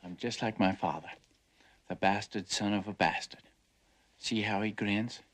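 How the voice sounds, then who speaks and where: A young actor playing a dreamy, restless son who talks wryly and sometimes drops to a whisper. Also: male voice, lowish voice, steady tone, measured pace, a bit bright, slight background noise. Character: restless dreamy young man, bitter and wry. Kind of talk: television drama acting.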